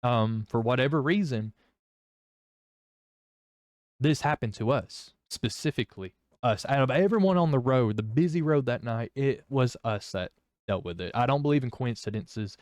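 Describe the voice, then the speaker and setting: A man's voice: medium pitch, lively intonation, moderate pace, no room sound, studio quality. Young man sharing his testimony, candid and rambling, with a clean, resonant voice. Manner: rambling, candid, many fillers and restarts. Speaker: vlogger. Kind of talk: personal testimony.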